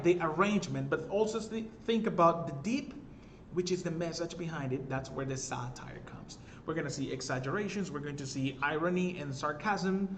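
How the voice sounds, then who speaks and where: A man's voice: high-pitched, a bit bright, a little hiss or hum. A man teaching a recorded literature lesson, explaining step by step, often checking in with "all right?" and correcting himself as he goes. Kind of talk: recorded class lecture.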